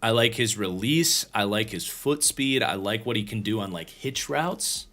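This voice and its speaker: A man's voice: on the low side, lively intonation, moderate pace, sharp tone. A tired man hosting a livestream, casually breaking down football game film and thinking aloud with frequent restarts. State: tired, yawning. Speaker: host and football draft analyst.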